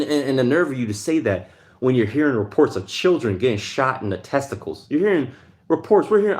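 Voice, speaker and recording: A man hosting a livestream, ranting heatedly in a casual monologue and answering chat. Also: a little high. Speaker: livestream host.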